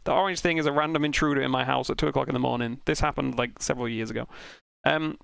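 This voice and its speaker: A young man casually telling an animated, sweary anecdote while streaming a sim race. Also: mid-range voice, fast talker, creaky, smooth, no echo. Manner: animated, swearing, self-mocking anecdote with laughs.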